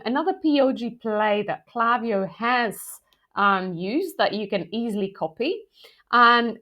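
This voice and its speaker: Chatty woman explaining a software strategy. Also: on the high side. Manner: lively, conversational, frequent "um" fillers; self-aware asides with light humor. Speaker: product marketing video host. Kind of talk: explainer video talk to camera.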